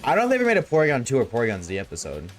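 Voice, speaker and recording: A man's voice: mid-range voice, wildly swooping pitch, rapid-fire, faint music behind. A man streaming a game and chatting casually with his viewers, laid-back and slangy, reading chat aloud.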